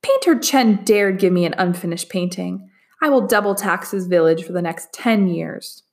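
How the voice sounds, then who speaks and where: Pompous greedy magistrate, booming and bossy, gravelly, woman reading. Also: normal speed, natural voice. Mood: commanding. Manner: booming, commanding.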